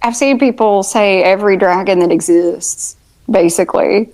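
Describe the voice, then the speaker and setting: A woman's voice: mid-range voice, moderate pace, darkish tone, rough recording. A woman co-hosting a casual TV review podcast, with dry, sarcastic asides. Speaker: podcast co-host.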